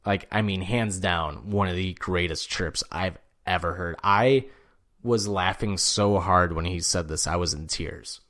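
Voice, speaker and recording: A man's voice: low-pitched, measured pace, fairly bright tone. A man co-hosting a podcast, telling a story in casual chat with a loose, swearing manner. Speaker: podcast co-host.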